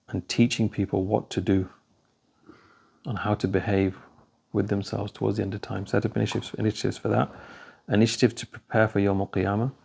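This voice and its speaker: Speaking at a talk on religion, a man with a low, creaky, husky voice of darkish tone keeps things conversational. He relies on anecdotes and performs the dialogue himself.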